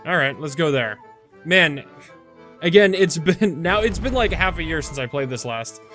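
A man's voice: on the high side, lively intonation, moderate pace, fairly bright tone, soft background music. Chatty man rambling through a game. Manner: rambling, chatty, self-correcting with many fillers. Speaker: video game let's-play host. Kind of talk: casual gameplay commentary.

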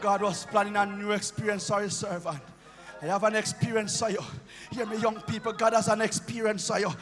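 A Jamaican bishop preaching a sermon in a church, his impassioned delivery rising into chanted shouts. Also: sits high, flat delivery, fairly quick, big-room sound, soft background music. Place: church sanctuary.

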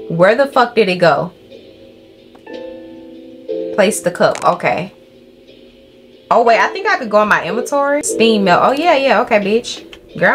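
Brief: young female gaming creator, cussing and excitable, talking to her viewers over game music, average pitch. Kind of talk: let's play commentary.

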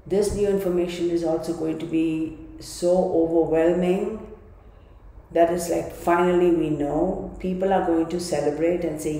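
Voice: mid-range voice, fairly even intonation, a little slow, warm tone. A tarot reader giving an emphatic reading, repeating and restarting phrases while thinking aloud. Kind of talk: tarot card reading video. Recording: very echoey room.

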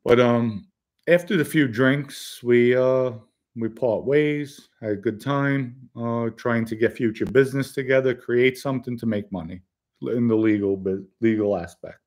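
A man's voice: medium pitch, measured pace, a little mellow. Blunt streetwise man telling a story. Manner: blunt, streetwise, rambling with fillers. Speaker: livestream host telling a story. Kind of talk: casual storytelling to a live chat.

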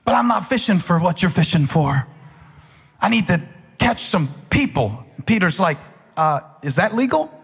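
Husky impassioned preacher in a big hall. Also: male voice, sits high, sing-song, moderate pace. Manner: impassioned preaching, builds to shouts. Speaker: pastor. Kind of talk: sermon. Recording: large hall with long reverb.

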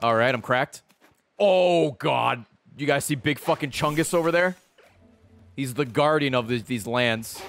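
A man giving casual, profane commentary while streaming a video game, with excitable running reactions. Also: medium pitch, measured pace, gravelly, faint music behind.

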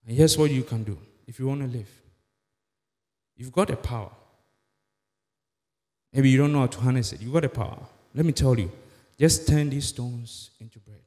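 A man acting out the devil as a sly, coaxing tempter, speaking low and soft. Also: moderate pace, pauses often, big-room sound, natural voice. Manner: low, soft, persuasive wheedling.

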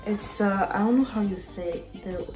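A woman chatting casually to camera as an art vlogger, often pausing to search for the right word. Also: medium pitch. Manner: chatty, searches for words, many fillers. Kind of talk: casual vlog chat to camera. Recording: roomy echo with background music. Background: music playing.

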